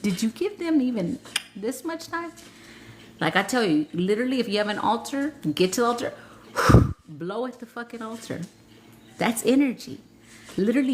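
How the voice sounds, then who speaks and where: A woman's voice: mid-range voice, a little hiss or hum. A woman spiritual healer hosting a casual live session, talking bluntly with frequent swearing and laughter. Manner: blunt, profane, laughs often, reads chat comments aloud. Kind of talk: casual live-stream chat.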